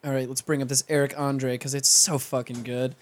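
A man's voice: mid-range voice, little pitch movement, brisk. A young man hosting a home podcast, talking in a laid-back, profane, chatty way. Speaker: podcast host. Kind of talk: casual podcast chat.

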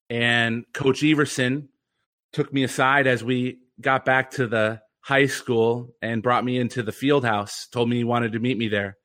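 A man's voice: medium pitch, steady tone, a little slow, a bit bright. A young man telling an earnest, reflective story as a podcast guest. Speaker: guest, former pitcher and mental conditioning coach.

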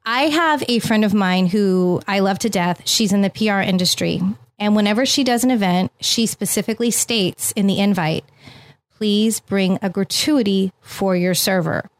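A woman in her thirties speaks straight to her followers in a casual, fired-up rant. Her voice sits at a middle pitch. It is recorded dry and close, with no room sound. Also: normal speed, no echo. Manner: heated, emphatic storytelling. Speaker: influencer and vlogger. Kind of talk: casual talk to camera.

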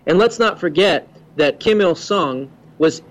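A man who is a guest on a political talk radio show, explaining his views in a steady, confident way. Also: on the high side, unhurried, rough recording.

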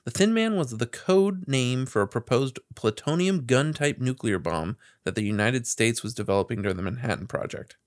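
Lively-voiced man with dry asides. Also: mid-range voice, normal speed, hardly any pauses. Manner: brief backchannel replies and dry asides. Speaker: podcast co-host. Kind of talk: casual chat.

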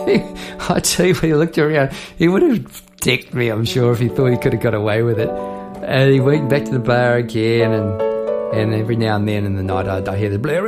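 A man from New Zealand hosting a podcast, telling lively anecdotes and mimicking the people in them. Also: medium pitch, moderate pace, over loud music. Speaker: podcast host and musician. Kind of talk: storytelling monologue.

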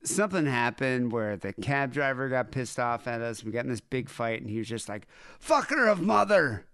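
A man's voice: medium pitch, a little fast, a bit bright, smooth, dry recording, clean studio sound. A man hosting a casual podcast, joking loosely and repeating phrases with laughter. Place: studio in West Hollywood.

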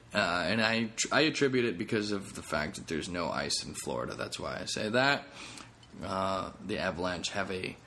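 A man's voice: on the low side, pushed and bright, slight background noise. A man who is a comedian, hosting a casual solo podcast in a rambling, profane way with self-mocking jokes.

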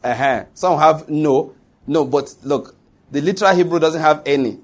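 Nigerian pastor guy, husky and a bit high, preaching hard and asking the crowd stuff. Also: moderate pace. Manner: preaching emphatically, quizzing the congregation. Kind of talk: sermon.

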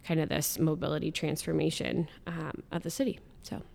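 A woman's voice: deep voice, fairly even intonation, fairly quick, vocal fry, a little mellow. A woman answering interview questions, earnestly explaining her work in civic programs with a few "um" fillers.

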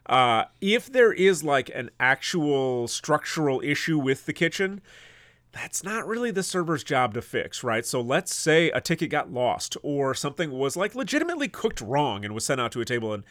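Man, podcast co-host, ex-cook, blunt, profane, lively pitch, dry close sound. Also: dry recording. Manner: blunt, profane, laughs often, storytelling. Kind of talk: casual chat.

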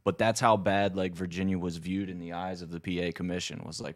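A podcast host with a very low voice talks in a relaxed, casual way. He reacts often and fills his sentences with "like". His voice sounds dry and close, with very little room echo. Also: brisk.

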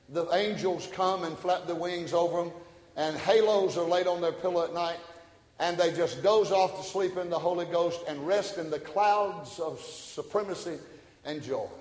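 High-voiced preacher in an echoey hall. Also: male voice. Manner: preaching that swings from quiet asides to shouted climaxes; folksy and joking. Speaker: pastor. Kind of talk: sermon. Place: church sanctuary. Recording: echoey hall, church room.

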